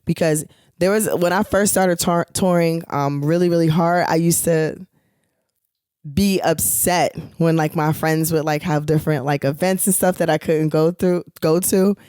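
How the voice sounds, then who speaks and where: A woman's voice: deep voice, steady tone, normal speed, darkish tone, smooth, dry recording, clean studio sound. A young adult woman co-hosting a podcast, chatting casually and rambling with many fillers. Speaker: podcast co-host, touring singer. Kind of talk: casual chat.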